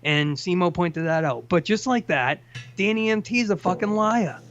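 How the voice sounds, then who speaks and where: A man's voice: sits high, expressive, moderate pace, fairly bright tone. A man hosting a casual call-in chat, ranting with plenty of profanity. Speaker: host. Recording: dull lo-fi sound.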